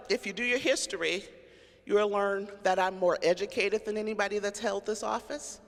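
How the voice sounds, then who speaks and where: Middle-aged woman telling stories in a reverberant hall. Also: medium pitch. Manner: candid, animated, acts out quoted voices. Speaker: county sheriff. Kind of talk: personal storytelling speech. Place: large cathedral.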